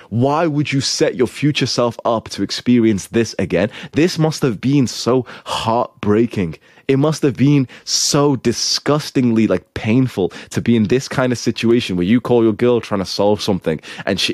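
A man's voice: mid-range voice, moderate pace, a little mellow, no room sound, studio quality. A young man giving blunt, profane dating advice in a lecturing, scolding manner.

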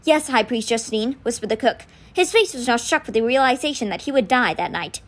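A woman's voice: on the high side, brisk. A woman reading a novel aloud for a podcast, telling the story expressively. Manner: expressive storytelling with quoted lines read in. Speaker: podcast book reader.

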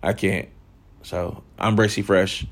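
Man, thirties, host, candid monologue, slightly low voice, frank, profane, reflective. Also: level tone, takes it slowly.

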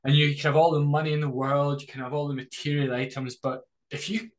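A man's voice: on the high side, flat delivery, a little hiss or hum, poor audio. Earnest man hosting a podcast. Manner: earnest, thoughtful, a little halting. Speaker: podcast host. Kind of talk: candid interview conversation.

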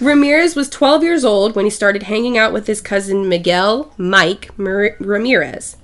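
A woman's voice: medium pitch, normal speed. Woman reading prepared notes. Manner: steady, reads from notes. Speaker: podcast co-host.

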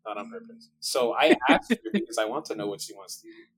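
A man's voice: mid-range voice, huge pitch swings, quick pace, creaky, fairly bright tone, slightly rough, rough recording. A man guest in casual podcast chat, rambling and laughing often.

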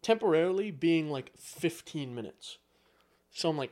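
A man co-hosts a casual podcast, ranting in a blunt, profane way. His voice sits a little on the high side. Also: moderate pace. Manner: blunt, profane, grumbling rants. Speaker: podcast co-host. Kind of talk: casual chat.

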